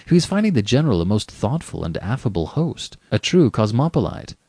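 A man narrating a story aloud in an expressive, varied delivery. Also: medium pitch, fairly quick, dry recording, studio quality. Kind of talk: audiobook reading.

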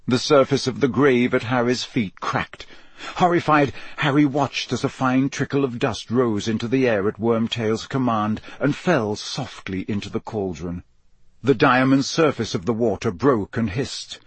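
A man narrates a story in a steady, measured way that builds drama. His voice is husky and sits in a middle register. The recording is dry and close, with no room sound. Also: mid-range voice, dry recording. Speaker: audiobook narrator. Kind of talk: scripted narration.

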